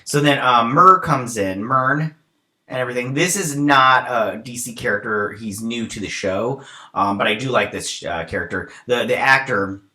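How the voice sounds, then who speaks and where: A man with a bright, forward voice talks through a TV episode in a loose, chatty recap. He rambles, stacks fillers, and drifts off on side tangents before circling back. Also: medium pitch, normal speed. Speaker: show reviewer.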